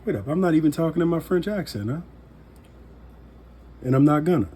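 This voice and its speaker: A man giving a casual cooking demonstration in a relaxed, folksy way with joking asides. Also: a little high, brisk, a little hiss or hum. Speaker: home cook demonstrating knife skills.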